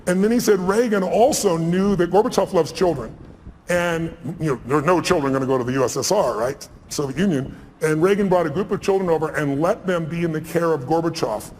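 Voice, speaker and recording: A man speaking on stage to an audience, telling stories fast and with emphasis, acting out what others said. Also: fairly high pitch, darkish tone, a little hiss or hum. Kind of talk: stage conversation, storytelling. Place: large event hall with audience. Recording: reverberant hall, faint ambience.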